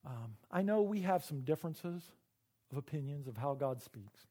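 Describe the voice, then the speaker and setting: A middle-aged man preaching a sermon, earnest and emotional, often halting and repeating words. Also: fairly high pitch, lively intonation, dark tone. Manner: earnest and personal. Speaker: pastor.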